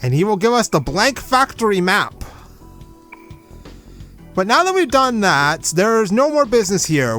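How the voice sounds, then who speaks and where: A man's voice: high-pitched, sing-song, unhurried, long pauses, fairly bright tone. A man giving casual let's-play commentary, chatty and swearing when annoyed. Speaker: gamer. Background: game music.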